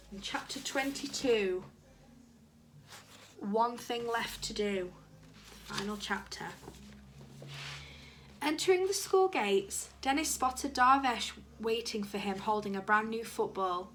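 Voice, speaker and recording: A woman's voice: fairly high pitch, slow, pauses often, a little hiss or hum. Woman reading a children's story. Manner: animated, expressive. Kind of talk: children's book read-aloud.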